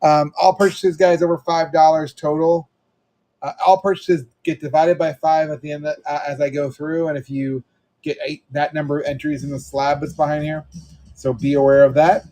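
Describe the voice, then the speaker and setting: A man's voice: on the high side, flat delivery, normal speed, dark tone, low-quality recording. A middle-aged man selling comics on a livestream, chatting casually and telling rambling family stories with lots of fillers. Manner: rambling storytelling with many fillers.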